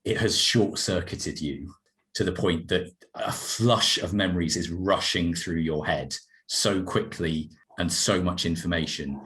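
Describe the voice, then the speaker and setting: A man, working as a game master and narrating a tabletop role-play game in a measured, descriptive way. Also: low voice, fairly bright tone.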